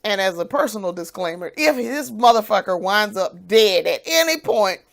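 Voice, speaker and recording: A woman venting in a vlog, blunt and profane, swinging from quiet, hesitant musing to loud, heated outbursts. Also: medium pitch, lively intonation, normal speed, gravelly. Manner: fiery, profane, blunt ranting. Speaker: vlogger.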